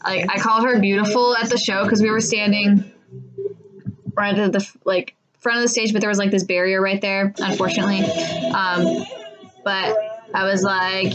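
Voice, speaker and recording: A woman's voice: medium pitch, fairly even intonation, normal speed, music in the background, low-quality recording. A young woman vlogging at home in a casual, gushing, chatty way, full of fan talk and fillers. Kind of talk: casual chat.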